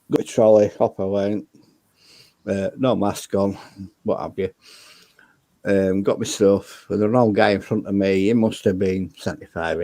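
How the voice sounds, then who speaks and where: A man's voice: on the low side, warm tone, no echo. A man, bluntly telling stories and swearing freely in casual chat. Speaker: debate show guest.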